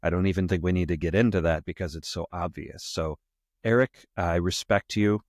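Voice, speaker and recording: Priest co-host, male, very low voice, dry close sound, wry rambling commentary. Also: brisk, no room sound. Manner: wry, mock-gracious, rambling with restarts. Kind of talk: casual commentary chat.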